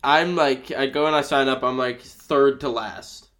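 A man's voice: mid-range voice, fairly even intonation, unhurried, fairly bright tone. Rambling, crude young guy. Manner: crude, rambling storytelling with lots of fillers. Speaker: podcast host. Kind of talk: casual podcast chat.

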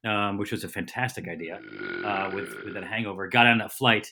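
A man's voice: fairly low pitch, background noise. A middle-aged man, a comedian and TV host, telling a casual, rambling story as a podcast guest and correcting himself as he goes. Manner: lively, rambling storyteller with quick self-corrections.

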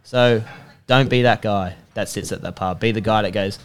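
A man's voice: lowish voice, normal speed, clear, resonant tone. A young man, a podcast guest giving an emphatic, repetitive pep talk. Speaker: podcast guest, personal trainer and rugby player. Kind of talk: motivational casual chat.

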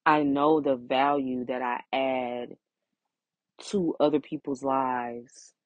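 A low-pitched woman talks alone into her podcast mic, emotional and close to tears. She speaks with heartfelt emphasis and circles back over her own phrases. The sound is dry, with no room around it, and slightly muffled and lo-fi. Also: steady tone, slow pace, no echo. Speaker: podcast host. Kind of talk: solo podcast monologue.

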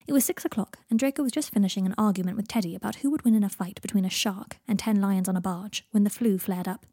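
A woman narrating a story aloud in a steady storytelling way. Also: mid-range voice, fast talker, husky, no room sound, clean studio sound. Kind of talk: audiobook reading of fan fiction.

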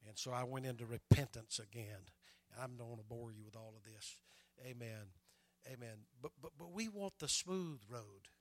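A man's voice: medium pitch, normal speed, fairly bright tone. An older man preaching a sermon and telling his own stories, stumbling over repeated words and adding "amen" between his lines. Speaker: pastor.

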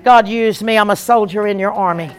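A woman evangelist, preaching an emphatic, animated sermon with repeated lines. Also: medium pitch, fairly quick, very noisy.

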